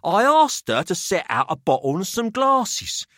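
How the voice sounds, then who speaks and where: A man's voice: high voice, very animated, measured pace, a bit bright, dry recording, clean studio sound, voice pushed up, full character voice. A man voicing a pushy, jovial older male collector who talks down to two young men. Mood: showy. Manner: expansive, theatrical, patronising.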